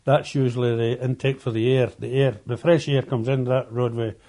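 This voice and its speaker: An older man, a former coal miner, reminiscing in an oral history interview, halting and often repeating words as he tells his stories. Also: medium pitch, little pitch movement, dark tone.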